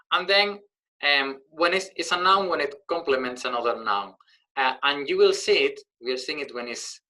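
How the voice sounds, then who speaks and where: A man teaching a grammar lesson, his voice bright and clear at an ordinary middle pitch. He explains patiently, pausing with fillers as he thinks, and drops Spanish words into his English. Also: low-quality recording.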